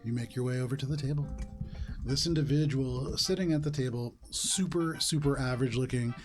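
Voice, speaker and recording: A man's voice: medium pitch, brisk, a little mellow, soft background music. Casual man narrating as game master. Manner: casual, descriptive, with frequent fillers.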